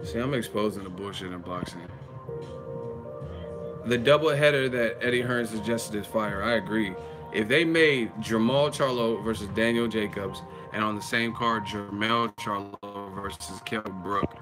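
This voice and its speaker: A grown man streaming live, ranting bluntly and profanely about boxing, with mocking asides in a high sneering voice. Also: normal speed, music in the background. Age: adult. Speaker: boxing commentary livestreamer. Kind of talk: casual livestream rant.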